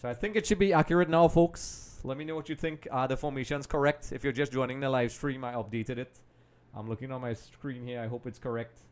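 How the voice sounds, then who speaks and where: Hosting a live football watch-along, a mid-pitched man chats casually and calls his viewers "folks." Juggling other tasks, he's distracted, and his fairly quick commentary, with few pauses, keeps trailing into quieter mutters and restarts.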